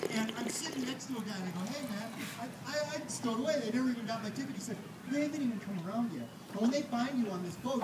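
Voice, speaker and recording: A man telling a personal story on stage with comic timing, acting out the dialogue. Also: high voice. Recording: echoey room, heard from a distance, audible noise.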